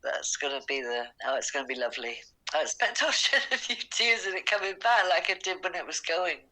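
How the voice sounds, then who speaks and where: A woman's voice: lowish voice, animated, a little fast, pushed and bright. An older British woman on a phone call to her daughter, telling a long story in a chatty, emotional, rambling way. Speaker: podcast host's mother on a phone call. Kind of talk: excited phone chat. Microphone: phone call recording.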